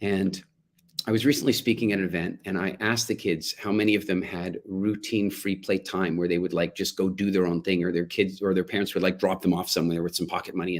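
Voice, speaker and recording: A middle-aged man speaking to parents, telling a family story and acting out the quotes. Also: low-pitched. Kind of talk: talk to parents.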